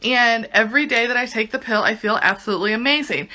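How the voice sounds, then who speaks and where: A woman's voice: a little high, fast talker, bright, forceful tone. A young woman giving a casual home testimonial, chatty and full of "like". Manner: chatty, says "like" constantly. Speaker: product reviewer.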